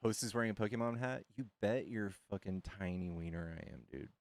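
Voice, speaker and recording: A man's voice: on the low side, brisk. Crude joking male streamer. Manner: crude, joking, addresses chat. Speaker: streamer host. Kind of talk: live-stream chat.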